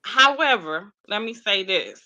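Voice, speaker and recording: A woman's voice: mid-range voice, expressive, measured pace, pushed and bright, poor audio. A woman hosting a talk show, chatty and affirming as she reacts to her guest. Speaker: host. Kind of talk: casual chat.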